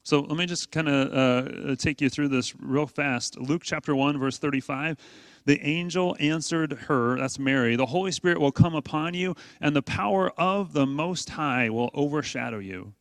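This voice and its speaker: A man's voice: on the high side, normal speed, dry recording. A man preaching a sermon to his congregation in a conversational way, asking rhetorical questions and leaning hard on key points. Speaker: pastor.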